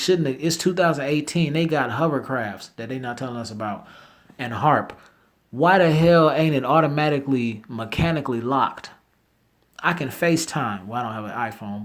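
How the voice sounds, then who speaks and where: A man hosting a casual news commentary, reading headlines aloud and breaking off into rambling, slangy asides and loud disbelief. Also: medium pitch. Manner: reads headlines then reacts with loud disbelief.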